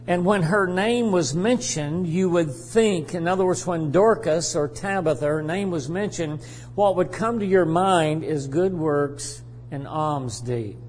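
Slow, measured preaching man in a church. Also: fairly high pitch, darkish tone, big-room sound, a little hiss or hum. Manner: slow, deliberate preaching with repeated phrases. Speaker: pastor. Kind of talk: sermon.

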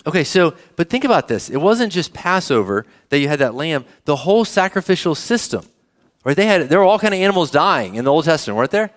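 A man preaching a sermon, his voice sitting a little higher than most men's. He talks in a conversational way and keeps putting questions to the congregation. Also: very animated, fast. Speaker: pastor.

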